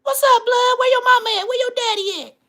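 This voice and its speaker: A man putting on the voice of an old neighborhood grandma greeting the local kids in a loud, friendly way. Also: very high voice, steady tone, a little fast, voice pushed up.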